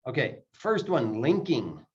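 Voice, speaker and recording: A man's voice: medium pitch, wildly swooping pitch. A man teaching English pronunciation, explaining step by step and repeating words to show how they link. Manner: repeats words slowly to demonstrate sounds. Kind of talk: explaining lesson, slow and deliberate. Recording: dull lo-fi audio.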